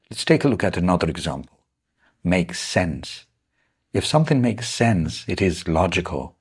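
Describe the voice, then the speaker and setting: A man teaching English idioms in a slow, deliberate lesson, explaining each one and repeating examples. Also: deep voice, husky. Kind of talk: scripted lesson narration.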